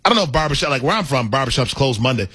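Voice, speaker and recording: A man's voice: mid-range voice, big pitch swings, very fast, sharp tone, breathy edge, no room sound. A man hosting a sports radio talk show, chatting with enthusiasm and taking calls. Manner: enthusiastic, conversational.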